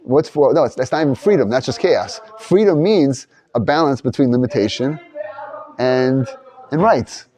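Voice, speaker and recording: A man's voice: medium pitch, expressive, normal speed, mellow. A man leading a casual Torah class discussion, loose and rambling, thinking aloud with frequent restarts. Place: study hall.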